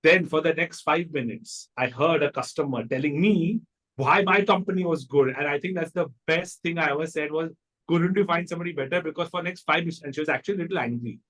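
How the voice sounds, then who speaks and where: A man with an Indian English accent, a company founder telling stories in a casual interview, lively and acting out the people he quotes. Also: a little fast. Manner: animated, acts out quoted people in a higher voice.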